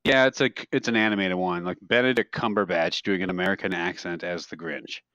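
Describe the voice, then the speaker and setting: With a low, steady voice that sounds pushed and bright, this man talks fairly quickly as he co-hosts a podcast. He rambles through funny, casual tales and often laughs at them, captured on a dry, slightly dull mic without echo.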